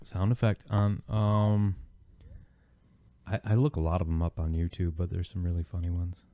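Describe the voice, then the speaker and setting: A man hosting a podcast in casual chat, speaking softly and close to the microphone. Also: deep voice, little pitch movement, moderate pace, dry recording. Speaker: podcast host and radio presenter.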